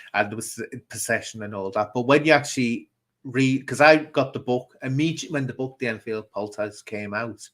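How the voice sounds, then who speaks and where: A man's voice: mid-range voice, fairly bright tone. Chatty British man hosting a live chat. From United Kingdom. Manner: chatty, opinionated, reads out viewer comments. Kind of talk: casual live-stream chat.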